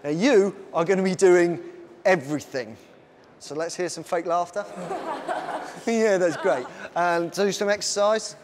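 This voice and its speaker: A man presenting a live science show on stage, energetically bossing volunteers around and shouting instructions. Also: high-pitched, moderate pace, slight background noise. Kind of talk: lively live science demonstration.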